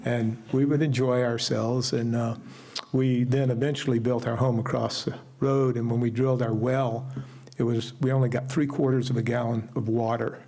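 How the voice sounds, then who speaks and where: An older man sharing a personal remembrance at a memorial service, telling stories in an unhurried way with asides. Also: medium pitch, level tone, warm tone. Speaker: memorial speaker. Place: ashram gathering hall.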